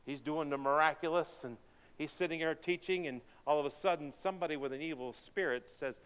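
Bright-voiced male preacher in reverberant church. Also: a little high, a little fast, smooth. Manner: rhetorical repeated questions, emphatic. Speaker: pastor. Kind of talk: sermon. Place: church sanctuary. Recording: dull recording with long hall reverb.

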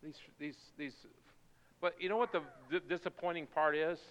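A man preaching a sermon, moving from quiet, intense passages to loud, fervent pleading. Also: a little high, moderate pace. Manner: swings from quiet intensity to shouted fervor. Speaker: pastor. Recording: dull sound with long reverb in a hall.

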